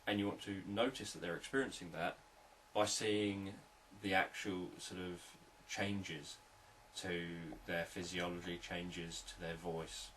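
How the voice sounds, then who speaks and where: A man, a hypnotherapist, explaining sales techniques in a calm, repetitive, unscripted teaching talk. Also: deep voice, recorded from a distance, slight background noise, rough recording.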